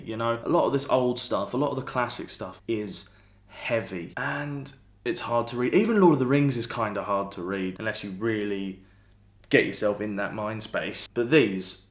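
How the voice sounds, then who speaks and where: Young man with a dry, chatty delivery. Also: medium pitch. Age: young adult. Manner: dry and deadpan in the sketch, chatty and enthusiastic about books. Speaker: book vlogger. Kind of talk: casual chat. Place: indoors in a flat. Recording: echoey room.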